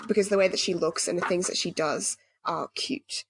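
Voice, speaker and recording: A woman's voice: on the low side, normal speed, breathy edge. A woman co-hosting a podcast, chatting casually and freely with lots of "like" and the odd swear word. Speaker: podcast co-host.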